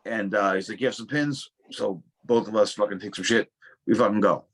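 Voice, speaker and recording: A man's voice: lowish voice, brisk, husky. A young adult man telling casual stories as a guest, swearing freely and stumbling through restarts. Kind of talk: casual storytelling.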